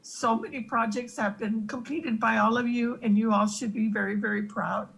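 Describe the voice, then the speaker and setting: An older woman who is a retiring county attorney gives a halting, emotional thank-you at a public meeting, holding back tears over a remote call. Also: on the high side, fairly even intonation, gravelly, a bit bright, breathy edge, poor audio.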